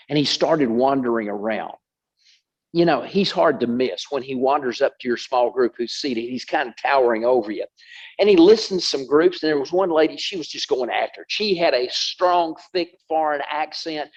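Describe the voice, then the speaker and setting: A man teaching a Bible study, telling a story in a lively sermon style and repeating words for emphasis. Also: medium pitch, normal speed, dull audio.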